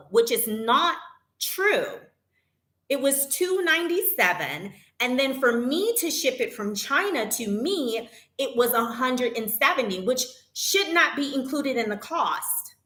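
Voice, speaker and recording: A woman in a casual vlog talks straight to her viewers at an unhurried pace. Her voice is bright and clear, and she retells a complaint with indignant energy. The sound rings a little in an echoey room. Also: on the high side. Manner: animated, indignant retelling, reads chat aloud. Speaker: vlogger.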